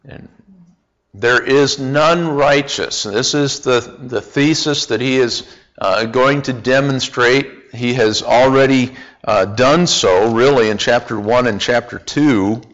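Male Bible study teacher, slow deliberate delivery, questions to the class, dull lo-fi recording. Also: medium pitch, fairly bright tone. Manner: slow, deliberate, with frequent uh fillers and restarts; asks the group questions and repeats answers.

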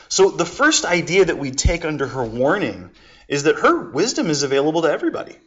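Lively, conversational male Bible teacher. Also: on the high side. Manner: conversational, with rhetorical questions and everyday examples. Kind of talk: casual Bible lesson. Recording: dull lo-fi recording.

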